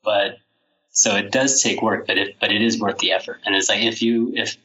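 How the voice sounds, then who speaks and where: A man speaking as a podcast guest about his book, halting and reflective with many restarts. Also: fairly low pitch, steady tone, sharp tone, muffled recording. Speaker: author guest. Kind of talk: podcast interview.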